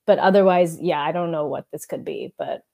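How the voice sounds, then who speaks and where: A woman's voice: deep voice, a little fast, vocal fry, a little mellow. A young woman co-hosting a podcast in casual chat, laid-back and agreeing, often saying dude. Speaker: podcast co-host.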